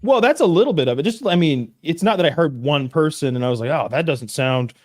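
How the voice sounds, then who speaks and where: A man's voice: fairly high pitch, lively intonation, quick pace, a little mellow. Chatty rambling man telling stories. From southern United States. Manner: rambling storyteller, profane, full of restarts. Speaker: podcast co-host. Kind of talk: casual chat.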